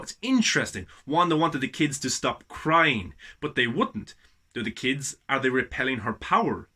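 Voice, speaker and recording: A man's voice: a little high, sharp tone. A man giving a casual video review, talking animatedly and asking lots of rhetorical questions. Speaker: YouTube movie reviewer.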